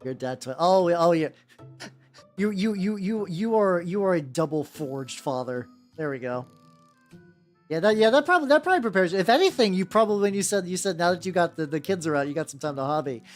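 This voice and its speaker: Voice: mid-range voice, animated, brisk, faint music behind. A VTuber streamer chatting casually while painting miniatures, rambling and joking, with lots of "like"s and restarts. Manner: rambling, many "like"s and restarts, jokey.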